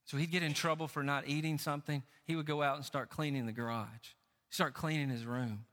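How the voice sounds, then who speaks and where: A man in middle age preaches a sermon, his voice high and bright. He swings between raised, emphatic lines and low, quiet asides. A long echo hangs around him, as in a large church hall. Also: fairly even intonation, a little fast. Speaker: pastor.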